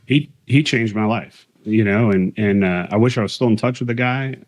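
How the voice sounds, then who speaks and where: A military aviator and author, speaking at a moderate pace in a lowish voice, tells candid stories from his career during a casual interview. His tone is conversational, and he retells quotes with emphasis.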